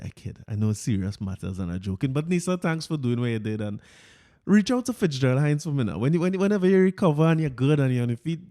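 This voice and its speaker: A man's voice: mid-range voice, dark tone. A man with a Trinidadian accent hosting a casual podcast, joking and chatty, with stammering restarts. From Trinidad and Tobago. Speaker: podcast host.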